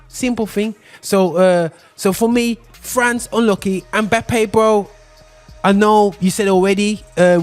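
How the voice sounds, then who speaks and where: A man with a high voice hosts a casual football chat. He rambles, restarts often and drops "bro" into nearly every line. Soft music plays faintly behind him. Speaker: podcast host.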